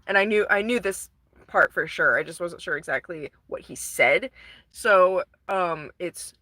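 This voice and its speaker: A woman's voice: fairly low pitch, unhurried, no echo. A woman casually retelling a story to camera, rambling, swearing and full of fillers. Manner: rambling, profane, animated retelling. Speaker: vlogger.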